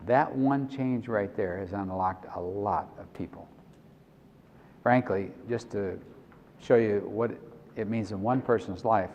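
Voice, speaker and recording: A man's voice: on the low side, slight background noise. A middle-aged man giving a conversational Christian conference talk, acting out prayers and dialogues, often restarting his phrases. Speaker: Christian speaker and consultant. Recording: dull recording with long hall reverb.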